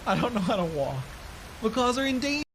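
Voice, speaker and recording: A man casually commenting on a game as he plays, excitable and joking, swearing and laughing often. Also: very high voice, fairly quick, a little hiss or hum. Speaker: streamer.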